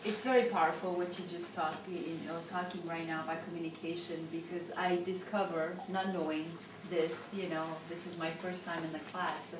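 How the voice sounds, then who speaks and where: A woman in a class audience offers a halting, earnest comment to the lecturer. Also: on the low side, fairly even intonation. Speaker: student in the class. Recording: echoey room, distant mic, clear hiss.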